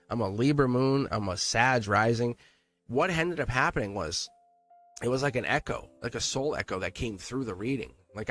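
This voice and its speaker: A man's voice: mid-range voice, a bit bright. A man hosting a live-streamed tarot reading, speaking earnestly and emphatically and repeating himself for emphasis. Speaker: tarot reader.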